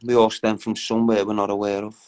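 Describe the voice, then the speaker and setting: A man's voice: on the low side, monotone, quick pace, darkish tone, low-quality recording. A young man hosting a casual live stream, bantering with viewers in a slangy, chatty way. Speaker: livestream host.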